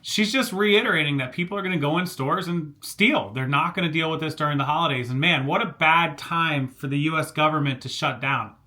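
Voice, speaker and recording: A man's voice: a little high, a little fast, hardly any pauses, sharp tone. A man hosting a reaction commentary video, talking conversationally and seriously. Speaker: commentary channel host.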